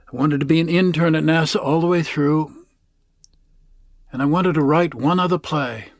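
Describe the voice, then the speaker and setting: A man's voice: a little high, no room sound, studio quality, natural voice. A man voicing an earnest, matter-of-fact young woman in her late twenties, an engineering student, in a told story.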